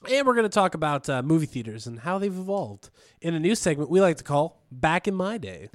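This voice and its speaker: A man with a high voice hosts a loose podcast, rambling and joking through his segments with frequent restarts. His talk is casual banter. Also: big pitch swings, a little fast, no room sound, studio quality. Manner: rambling, restarts and jokey asides. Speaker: podcast co-host.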